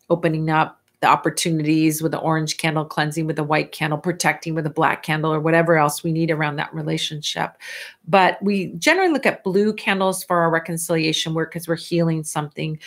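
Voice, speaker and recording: A middle-aged woman hosting a casual live Q&A, chatty and animated as she answers viewer questions. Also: low voice, vocal fry. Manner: chatty and animated, stretching words for emphasis.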